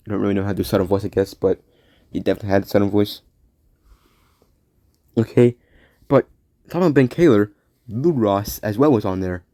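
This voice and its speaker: A man's voice: medium pitch, dark tone, no room sound. A young man hosting a solo podcast, rambling and often correcting himself as he talks bluntly. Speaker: podcast host.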